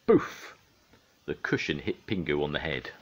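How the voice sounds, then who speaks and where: Older grandfather storyteller, deep, very animated read-aloud. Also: moderate pace, dull audio, slight background noise. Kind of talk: reading a children's storybook aloud.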